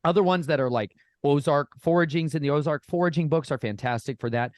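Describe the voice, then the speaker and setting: A man talking casually as a podcast guest, folksy and animated, often addressing listeners as y'all. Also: fairly high pitch, quick pace, dry recording, studio quality. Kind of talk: casual storytelling chat.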